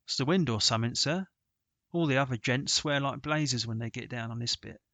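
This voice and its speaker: Man doing a deferential uneasy caddie boy, bright gravelly voice, dry recording. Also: mid-range voice, brisk, no room sound, lightly acted. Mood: earnest. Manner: deferential, uneasy, dialect speech. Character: ragged working-class boy caddie, wary.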